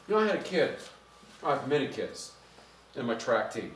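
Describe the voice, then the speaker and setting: A middle-aged man preaching a sermon as pastor, conversational and animated, getting louder as he drives his points home. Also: mid-range voice, normal speed, pauses often, a little hiss or hum. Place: church sanctuary. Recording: echoey church from a distance.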